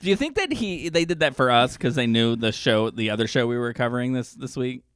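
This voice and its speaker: A man's voice: medium pitch, expressive, a little fast, fairly bright tone, clear, resonant tone, dry recording, clean studio sound. A man co-hosting a casual chat podcast, teasing and asking questions about the plot. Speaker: podcast co-host.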